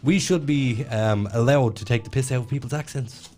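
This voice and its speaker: A man's voice: medium pitch, moderate pace, a little mellow. Male host, studio chat, blunt, jokey, a bit crude. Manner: blunt, joking, swears freely. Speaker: radio show host. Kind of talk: casual chat.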